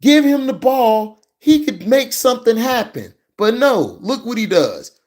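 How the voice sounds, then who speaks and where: A man's voice: very high-pitched, sing-song, a little slow, darkish tone. A man ranting and reacting to football footage in a heated, profane, mocking way. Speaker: sports commentary vlogger.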